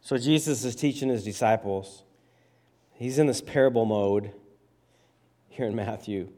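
A pastor preaching a sermon, reading scripture aloud and explaining it in a conversational, emphatic way. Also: male voice, mid-range voice, measured pace, warm tone. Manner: conversational, emphatic with checking questions.

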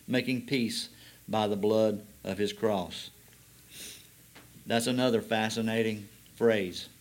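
A man preaching a sermon, reading scripture slowly and explaining it with rising emphasis. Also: fairly low pitch.

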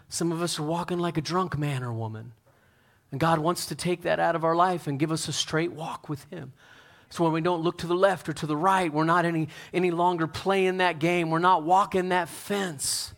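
A pastor preaching a sermon, talking straight to his congregation, swinging from loud fervent peaks to soft hushed lines. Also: fairly high pitch, normal speed. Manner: talks straight to the congregation with questions.

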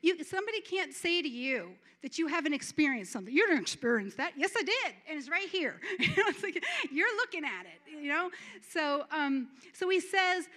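A woman's voice: high-pitched, lively intonation, moderate pace, pushed and bright. A woman giving a fervent sermon testimony at church, repeating words and breaking into laughter. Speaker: church speaker.

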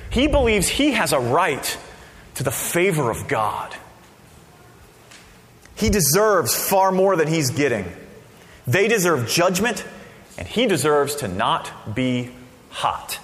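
Give me a lively male pastor with a slightly high voice, preaching in a hall with long reverb. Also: slow. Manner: animated, conversational preaching with sudden loud outbursts. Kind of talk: sermon.

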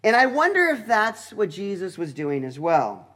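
A man teaching through a Bible passage in a deliberate, explanatory way, with touches of dry humor. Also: high voice, huge pitch swings, fairly bright tone.

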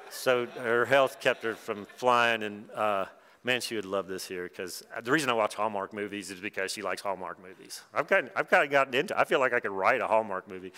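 A man's voice: lowish voice, fairly bright tone. Preacher man in a reverberant hall. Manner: conversational, wry asides. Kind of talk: conference sermon.

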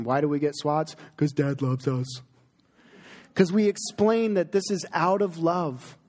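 A middle-aged man, a pastor, preaching an earnest, emphatic sermon with pauses for effect. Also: fairly high pitch, darkish tone. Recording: long hall reverb.

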